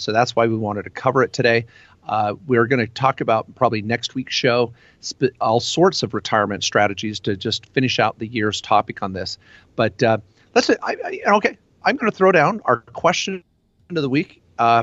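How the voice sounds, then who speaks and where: A man hosting a talk-radio show about tax and law, chatting in a loose, animated way full of "uh"s and restarts. His voice sits at an ordinary pitch. The sound is dry and a little dull, as from a studio mic. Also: dry recording. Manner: animated, rambling with fillers and restarts.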